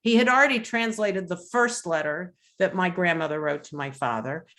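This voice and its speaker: A middle-aged woman speaking on a webinar video call, telling a personal family testimony in a measured, reflective way with pauses and fillers. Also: on the low side, a bit bright.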